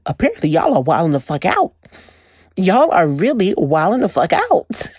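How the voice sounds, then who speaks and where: Young woman, low voice, dry close sound, profane and animated storyteller. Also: moderate pace, husky, no room sound. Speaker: commentator. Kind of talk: casual monologue.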